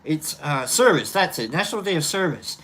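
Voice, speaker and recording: A man hosting his own show in a casual chat, rambling loosely and sighing out loud between remarks. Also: a little high, very animated, brisk, low-quality recording. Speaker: host.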